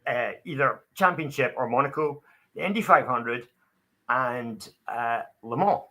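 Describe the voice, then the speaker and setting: A man asking quiz questions in casual chat, halting, with many fillers. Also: mid-range voice, expressive, bright, forceful tone. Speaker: quiz master.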